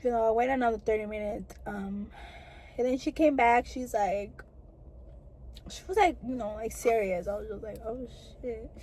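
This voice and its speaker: A woman's voice: on the high side, moderate pace, a little mellow, slight background noise, rough recording. Chatty young woman telling a storytime. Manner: chatty, lots of "like" and "girl" fillers. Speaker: vlogger. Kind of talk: casual storytime chat to camera.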